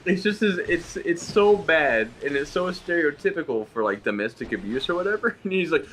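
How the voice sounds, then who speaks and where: A man chats over a game session in a lively voice that leaps up and down in pitch. His tone is bright and pushed, and he tells stories animatedly, playing each part. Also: moderate pace, few pauses, a little hiss or hum. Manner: animated storyteller, acts out voices in retelling. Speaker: co-host. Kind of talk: casual gaming commentary.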